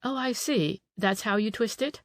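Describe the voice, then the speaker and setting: A woman reading the part of a proud, sharp, motherly Italian marchesa who scolds a young man. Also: on the high side, normal speed, no echo, voice pushed up, lightly acted. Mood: teasing.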